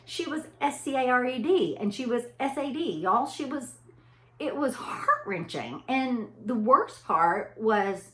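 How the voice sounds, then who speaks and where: High-pitched and a bit bright, this woman's voice has lively intonation and moves a little slowly. She's a middle-aged anesthesia provider, speaking in an echoey room as a chatty storyteller addressing listeners directly in a casual motivational talk.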